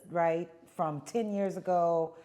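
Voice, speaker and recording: Low, mellow woman interviewer. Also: steady tone, slow. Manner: gently sums up and asks follow-up questions.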